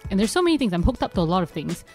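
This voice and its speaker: A woman telling a personal story in casual chat, acting out what others said in animated bursts. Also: medium pitch, rapid-fire, faint music behind.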